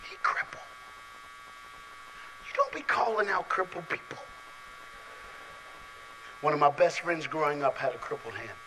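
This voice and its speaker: A high-voiced man with a bright, ringing tone preaches to a packed youth crowd in a large hall. He teases and calls on listeners, dropping to soft asides and then rising to shouts. A faint hum sits under his voice. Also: big pitch swings, unhurried, pauses often. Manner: playful, calls on audience members, swings from quiet to shouting. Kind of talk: lively youth sermon. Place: large hall with a live audience.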